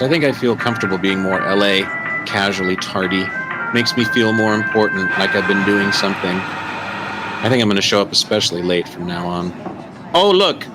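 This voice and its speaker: A man co-hosting a casual podcast, joking in a wry way. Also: on the low side. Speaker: podcast co-host. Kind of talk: casual chat.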